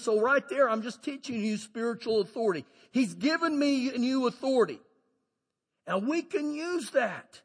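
A pastor preaching a sermon, animated, moving between loud shouted lines and low quiet asides. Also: male voice, normal speed, slightly rough. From Texas. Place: church sanctuary. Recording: long hall reverb.

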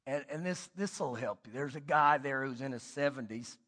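A middle-aged man preaching a sermon as pastor, telling stories and swinging between loud and hushed delivery. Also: medium pitch, normal speed, big-room sound.

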